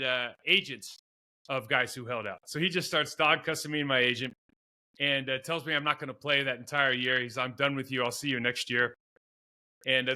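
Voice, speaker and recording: Bright-voiced former football player telling stories. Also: male voice, mid-range voice. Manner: rambling, self-deprecating storyteller with many restarts. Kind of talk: storytelling in a podcast interview.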